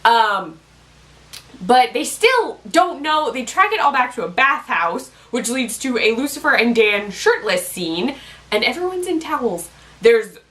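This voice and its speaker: A woman talks through a TV episode recap in an excitable, rambling fan style. Her voice is bright and sits somewhat high. Her pitch swings widely throughout. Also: rough recording. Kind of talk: casual TV recap.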